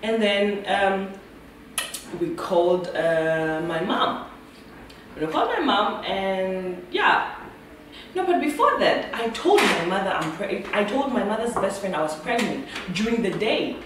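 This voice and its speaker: A woman's voice: medium pitch, big pitch swings, unhurried. A young South African woman telling a personal story to camera, chatty and often laughing. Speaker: vlogger. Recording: echoey room with noise, far from mic.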